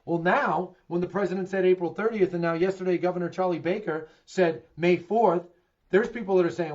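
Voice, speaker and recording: A man's voice: high voice, a little fast, a little mellow. Candid Boston man, lo-fi update. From Massachusetts. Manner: candid, emphatic, asks and answers his own questions. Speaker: real estate agent giving a market update. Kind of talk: direct-to-camera market commentary. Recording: dull lo-fi recording.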